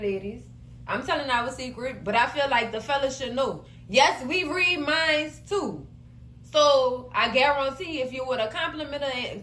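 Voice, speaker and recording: A woman recapping a TV episode in a sassy, animated way, addressing her viewers as cousins. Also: high-pitched, echoey room, a little hiss or hum, rough recording. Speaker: show recap host. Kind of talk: casual recap commentary.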